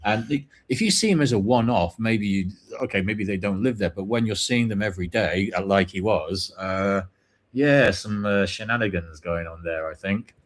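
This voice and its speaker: Man, low voice, casual chat co-host, rambling stories. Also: moderate pace. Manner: rambling anecdotal storytelling.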